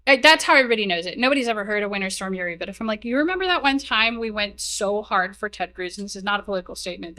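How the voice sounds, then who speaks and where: A woman's voice: mid-range voice, sharp tone, no room sound. A young adult woman giving a casual technical talk at a conference, chatty and self-deprecating, full of "like" and "um" fillers. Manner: chatty, heavy use of "like" and "um", self-deprecating asides. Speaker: conference speaker. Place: conference room, live talk. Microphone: stage mic, moves away while walking to slides.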